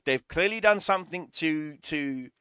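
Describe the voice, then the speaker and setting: A man's voice: fairly high pitch, measured pace, pushed and bright, clear, resonant tone, no room sound, clean studio sound. A man streaming a game, ranting in an exasperated, sarcastic way and swearing often. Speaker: gaming streamer. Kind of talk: ranting gameplay commentary.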